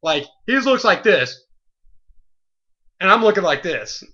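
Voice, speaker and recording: A man who works as a convenience store clerk, telling a story in an animated, rambling rant full of "like" and "you know". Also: high voice, a little slow, highs cut off.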